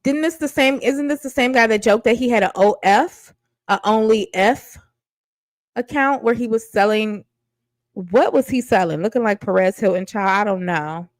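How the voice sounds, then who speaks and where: Woman commentator, sassy and blunt, fairly high voice, dry close sound. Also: normal speed, no room sound, low-quality recording. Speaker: reality TV commentator. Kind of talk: casual reaction commentary.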